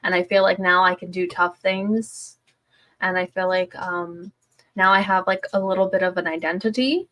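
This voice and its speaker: A woman's voice: lowish voice, steady tone, moderate pace, a bit bright. A woman, a stay-at-home mom, sharing her story in a casual livestream chat, rambling with many fillers and restarts.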